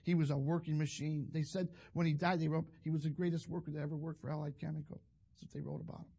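Gravelly older preacher man. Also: fairly high pitch, little pitch movement, fast talker, dark tone. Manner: rambling, folksy, self-interrupting. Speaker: pastor. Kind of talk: sermon with personal story.

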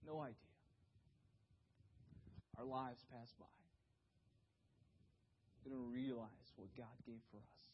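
A man preaching a sermon, telling a story dramatically, dropping to hushed low tones and then rising to shouts. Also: steady tone, slow pace, long pauses, breathy edge. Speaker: pastor. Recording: dull lo-fi recording.

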